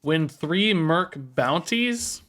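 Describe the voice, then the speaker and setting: Speaking extremely slowly, this game streamer thinks aloud about his moves, faulting himself and going over the same things again. He sounds sore and tired from sport, his voice a little high, expressive and a bit bright.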